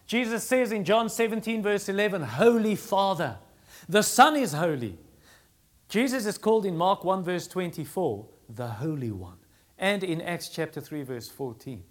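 Male preacher; emphatic sermon delivery, voice a touch high. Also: animated, normal speed. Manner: emphatic, repeats phrases for stress.

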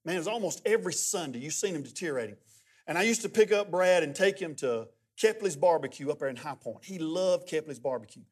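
A middle-aged man preaching a sermon as a guest pastor, telling folksy stories that swing from hushed to loud. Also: fairly high pitch, animated, brisk.

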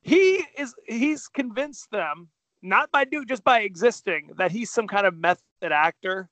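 A man's voice: sits high, lively intonation, a little slow, fairly bright tone, no room sound. A man co-hosting a podcast in casual chat, joking and rambling with a self-deprecating manner. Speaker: podcast co-host.

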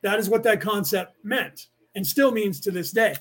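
A middle-aged man from the San Francisco Bay Area who talks in a rapid, rambling rush as he hosts a casual spiritual lecture for his podcast. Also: high-pitched, animated, a bit bright. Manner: rapid, rambling, restless delivery. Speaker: podcast host teaching a class.

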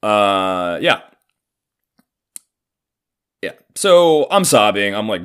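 Animated, profane man in his thirties. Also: on the low side, drawn-out words, long pauses, smooth. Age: 30s. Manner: profane, animated, frequent fillers. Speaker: storyteller. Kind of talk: casual personal storytelling.

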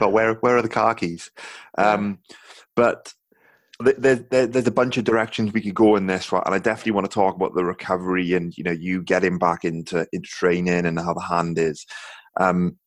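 Deep-voiced podcast host, dry sound. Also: male voice, level tone, moderate pace, no room sound. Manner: friendly, rambling, lots of fillers and "right?" checks. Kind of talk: casual interview. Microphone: video call.

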